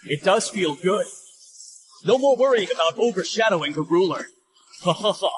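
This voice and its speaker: An actor playing a contented younger brother, a general, talking in a relaxed, chuckling way. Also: male voice, high-pitched, moderate pace, slight background noise, poor audio. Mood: pleased.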